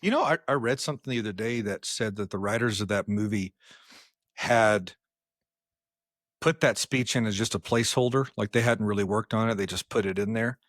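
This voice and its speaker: Low-voiced laid-back podcast man. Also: a little fast, a bit bright, no room sound, clean studio sound. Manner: chatty, laughs at himself, trailing restarts. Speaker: podcast co-host. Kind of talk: casual chat. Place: podcast studio filmed on camera.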